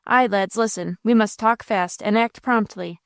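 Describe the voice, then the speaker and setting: A woman's voice: medium pitch, moderate pace, clear, resonant tone, no echo, clean studio sound, natural voice. A woman voicing a bold, blustering male robber captain who gives orders to his gang. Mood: commanding. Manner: blustering, rousing, theatrical.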